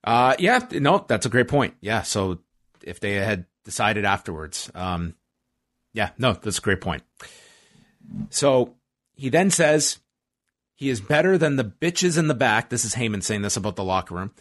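A man's voice: on the low side, very animated, a little slow, a bit bright, no echo. A man co-hosting a casual podcast, recapping events step by step with dry asides. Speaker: podcast co-host recapping wrestling. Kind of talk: casual chat.

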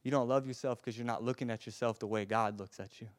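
A man preaching a sermon with passion, swinging from loud urging to a soft hush and often stammering and repeating words. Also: medium pitch, steady tone, fast talker, no room sound.

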